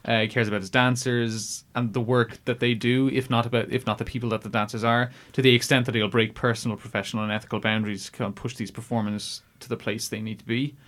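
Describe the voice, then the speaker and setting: A man's voice: mid-range voice, flat delivery, fast talker, hardly any pauses, fairly bright tone. A man co-hosting a film podcast, in casual, rambling chat with many fillers and restarts. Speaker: podcast co-host.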